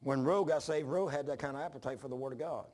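A man's voice: medium pitch, fast, a little mellow. A man preaching an informal sermon, rambling through personal stories with frequent restarts and self-deprecating humor.

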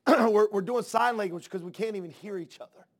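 High-voiced fervent man preaching a sermon. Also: normal speed. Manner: swings from soft hush to loud fervent outbursts; repeats and restarts words as he builds. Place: church.

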